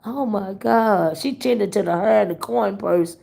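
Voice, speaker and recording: A woman's voice: mid-range voice, creaky. A woman hosting a casual gossip livestream, chatting to her viewers, laughing often and drawing out her exclamations, her voice still worn from being sick. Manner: animated, laughing, drawn-out exclamations. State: voice worn from illness. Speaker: livestream host reading chat.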